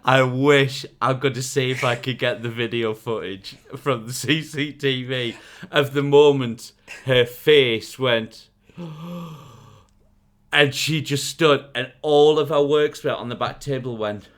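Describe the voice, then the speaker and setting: A man's voice: mid-range voice, steady tone, unhurried, hardly any pauses, a bit bright. A man, a podcast co-host and comedian, telling an anecdote with lots of laughter in casual chat.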